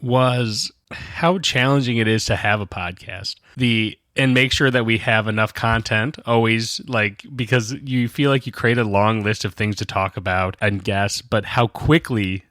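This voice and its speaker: A man co-hosting a podcast in casual chat, reflective and quick to laugh. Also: lowish voice, steady tone, fairly bright tone, no room sound, studio quality. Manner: reflective, laughs easily, sometimes does voices. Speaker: podcast co-host.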